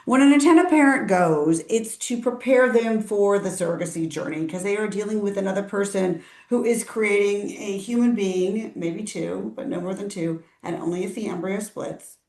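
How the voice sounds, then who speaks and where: A middle-aged woman hosting an interview, telling stories in a lively, chatty way and acting out what people said. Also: normal speed, few pauses. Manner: animated storyteller, acts out quotes with big pitch swings. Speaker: interview host, IVF parent. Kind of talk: casual interview chat. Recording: roomy echo.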